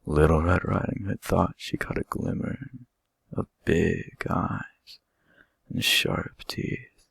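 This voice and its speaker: Male storyteller, bedtime story read-aloud; low, gravelly, husky delivery, gentle and expressive. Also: slow, dry recording.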